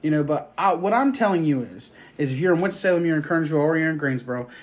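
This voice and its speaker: Male podcast host, slightly high voice, loose profane storyteller. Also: animated, rapid-fire. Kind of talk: casual chat.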